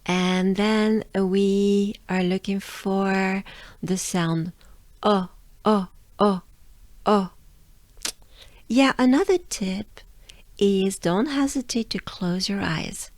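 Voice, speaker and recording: Slow, tired-voiced French woman coach. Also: mid-range voice, a little mellow, dry recording. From France. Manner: drills sounds slowly with repetition. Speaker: pronunciation coach. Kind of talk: pronunciation lesson.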